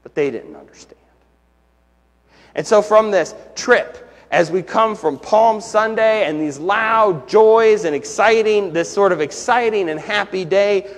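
A man preaching a sermon as pastor, earnest and building to emphatic questions. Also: high voice. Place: church sanctuary. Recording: long church hall reverb.

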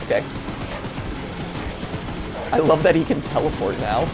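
A man hosting a casual let's-play, excitable and joking, shouting at the game as he plays. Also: on the high side, measured pace. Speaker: host. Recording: game music behind.

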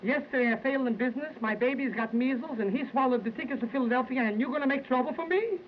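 A man's voice: very high-pitched, fast talker, slight background noise. A man voicing an exasperated, down-on-his-luck man at a station, who rattles off an aggrieved outburst. The sound is a dull, lo-fi 1920s film recording.

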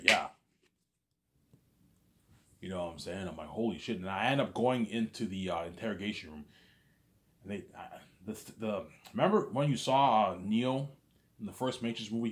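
A man's voice: deep voice, fairly bright tone. A man telling a rambling, casual story, stumbling over restarts and leaning on the same stock phrases again and again.

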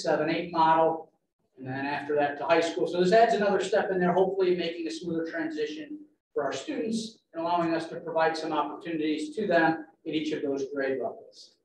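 A man, a school administrator, methodically walks a board through an update at a public meeting, picked up from a distance in a large room. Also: a little high. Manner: steady, methodical, walks through points in order. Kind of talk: informational presentation at a public meeting. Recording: very echoey meeting room from far off, faint noise.

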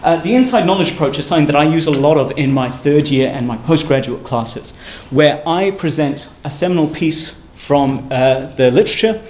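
Man, academic seminar speaker, quick and emphatic, roomy lecture hall with faint hum. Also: a little high, a little mellow. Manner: brisk, emphatic, conversational lecturing. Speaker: university lecturer giving a seminar. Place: lecture room. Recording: echoey room with faint ambient noise.

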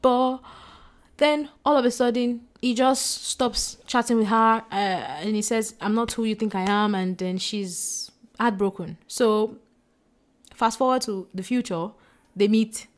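A young woman chatting casually about books she read, excitable and gushing. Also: a little high, measured pace. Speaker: book vlogger. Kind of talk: casual book review chat.

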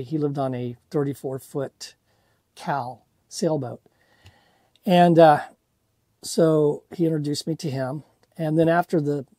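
A man's voice: on the high side, warm tone, no room sound. A man telling a rambling, self-deprecating story about his first boat, full of fillers and restarts. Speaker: sailing vlogger. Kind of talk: casual storytelling.

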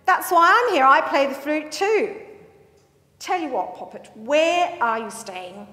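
A woman's voice: high-pitched, expressive, a little slow, pushed and bright, roomy sound, long reverb tail, heavily acted. A woman putting on a teasing young Englishman with an English accent, chummy and theatrical. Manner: chummy, theatrical, full of endearments. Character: camp, teasing young Englishman, flute student.

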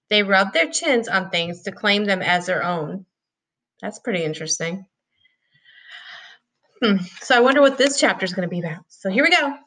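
A woman's voice: mid-range voice, pushed and bright. A woman teacher reading a chapter book aloud expressively, with casual asides.

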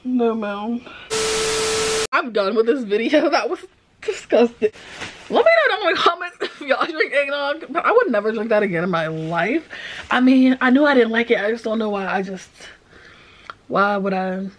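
A woman's voice: on the high side, sing-song, normal speed, slight background noise. A woman vlogging casually to camera, dramatic and squeamish in manner. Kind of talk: casual vlog chat to camera.

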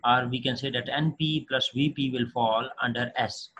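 A man giving a recorded linguistics lecture, talking haltingly with many fillers and restarts. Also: mid-range voice, fairly even intonation, a bit bright, slight background noise, poor audio.

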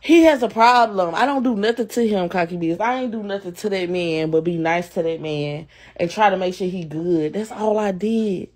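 A woman's voice: mid-range voice, normal speed, few pauses, darkish tone. A young adult woman on a livestream, ranting in a heated, profane, repetitive way and answering her chat. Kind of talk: angry live-stream rant.

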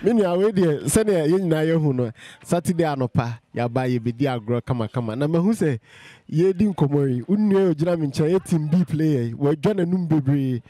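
A man with a Ghanaian accent runs a casual street interview, throwing out lively, teasing questions. His voice sits a little high. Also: fairly quick, dry recording.

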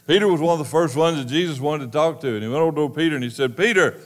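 A male pastor preaching a sermon, speaking emphatically and straight to the congregation, moving between loud stresses and hushed, slowed passages. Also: fairly high pitch, faint music behind. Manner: emphatic, addresses the congregation directly.

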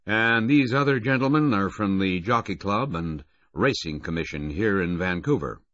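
A man's voice: fairly low pitch, animated, normal speed, fairly bright tone, no room sound, pitched above the performer's own voice. A man voicing a formal, courteous racing official in an audiobook. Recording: dull, dry lo-fi audiobook recording.

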